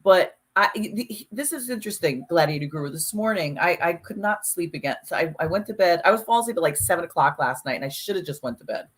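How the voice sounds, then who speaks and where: Woman on a podcast, lowish voice, animated and emphatic, cusses a lot, casual chat. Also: fast, few pauses, breathy edge. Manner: animated, emphatic, swears freely. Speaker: podcast co-host.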